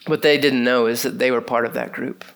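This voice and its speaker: A man preaching a sermon in a conversational, animated way, reading scripture and talking to the congregation with many casual fillers. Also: mid-range voice, fairly quick, gravelly.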